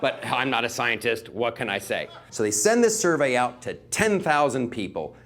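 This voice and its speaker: A man's voice: medium pitch, lively intonation, normal speed, fairly bright tone. A male comedian doing a sarcastic stand-up monologue, rambling with filler words.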